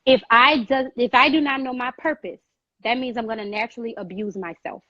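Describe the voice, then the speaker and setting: Brief: high, fervent woman talking straight to camera, dry close sound, muffled lo-fi stream audio. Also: brisk, no echo. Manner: animated, repeats phrases for emphasis, addresses listener as girl. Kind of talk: emphatic, preachy advice.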